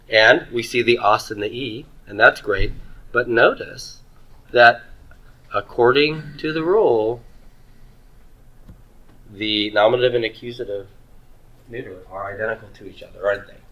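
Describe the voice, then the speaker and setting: A man's voice: lowish voice, sharp tone, poor audio. A man teaching a Greek grammar class in a classroom, upbeat and joking as he leads the students through drills. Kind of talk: classroom lecture.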